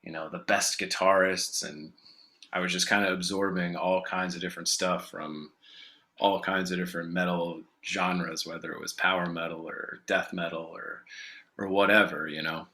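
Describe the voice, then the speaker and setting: A man's voice: low-pitched, flat delivery, moderate pace, pushed and bright. An American man, a musician guest in an interview, answering in a loose, rambling way with many fillers and restarts. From United States.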